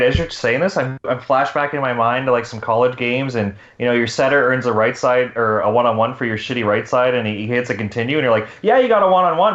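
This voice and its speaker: Quick eager guy, co-host chatting, roomy echo and kinda muffled sound. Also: medium pitch, fairly bright tone. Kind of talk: casual chat.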